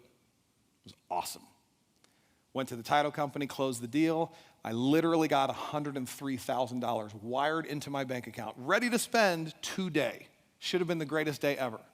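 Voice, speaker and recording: A middle-aged man giving a motivational talk at a live event, telling a personal story with animated delivery and asking the audience questions. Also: medium pitch, moderate pace. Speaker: event speaker. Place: large event hall. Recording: echoey hall reverb.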